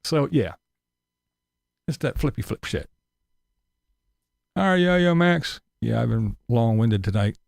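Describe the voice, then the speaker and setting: A man's voice: medium pitch, animated, slow, vocal fry, pauses often, no room sound, studio quality. A man ranting profanely on a casual live stream, sarcastic and mocking. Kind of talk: casual livestream rant.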